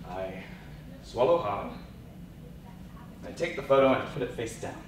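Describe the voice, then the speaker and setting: A man's voice: medium pitch, lively intonation, a little hiss or hum. Man performing poetry in an echoey hall. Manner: slow, dramatic, swings from hushed to loud. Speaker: speech and debate competitor. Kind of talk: dramatic oral interpretation of poetry. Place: large event hall. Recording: echoey hall recorded from far off.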